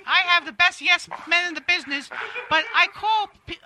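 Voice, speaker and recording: A man doing an impression of a vain, self-absorbed female comedian on a comedy podcast, rambling in a high put-on woman's voice. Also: moderate pace, background noise. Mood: smug.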